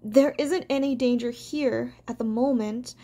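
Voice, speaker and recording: A woman's voice: a little high, measured pace, dark tone. A woman reading aloud, voicing a timid young male rabbit who whimpers with fear. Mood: terrified. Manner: frightened, whimpering.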